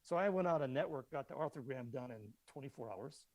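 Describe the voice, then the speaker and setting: A man's voice: medium pitch, a little fast. A middle-aged man with a mid-range voice tells a story casually as a podcast guest. He slips into the voices of the people he quotes. The sound is dry and close, with no room echo. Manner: animated anecdote teller who acts out both sides of conversations. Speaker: podcast guest, magazine publisher.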